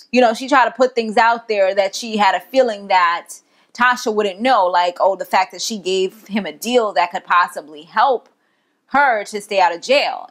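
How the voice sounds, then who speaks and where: A woman's voice: mid-range voice, a bit bright. A young woman giving a casual, slangy recap of a TV episode, chatting and laughing as she goes. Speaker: TV show reviewer.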